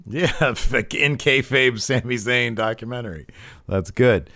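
A man co-hosting a wrestling podcast, chatting casually and lively, often acting out what people said. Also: medium pitch, slow pace. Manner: animated, acts out quotes in put-on voices. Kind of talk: casual chat recapping wrestling.

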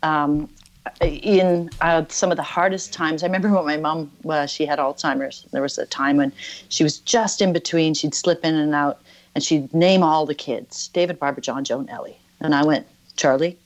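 Low-voiced woman telling a story. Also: steady tone, normal speed. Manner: anecdotal, warm storytelling with laughs. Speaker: guest comedian. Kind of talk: casual video-call chat. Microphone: video call.

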